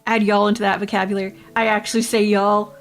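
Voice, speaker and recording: A woman's voice: mid-range voice, flat delivery, fast, soft background music. A woman from Canada, chatting casually with her livestream chat, rambling and laughing often. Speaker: VTuber streamer.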